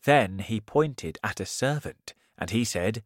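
A man reading a simple story aloud in a slow, clear storytelling manner. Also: on the low side, expressive, no echo, clean studio sound. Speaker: narrator. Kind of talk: scripted story narration.

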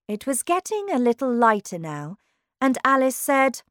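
A woman's voice: high-pitched, very animated, moderate pace, dry recording, studio quality. A woman narrating a children's storybook aloud. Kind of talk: storybook reading.

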